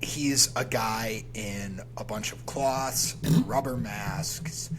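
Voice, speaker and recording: Slow-talking man, movie podcast host. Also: on the low side, slight background noise, poor audio. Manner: enthusiastic, opinionated. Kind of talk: casual movie podcast chat.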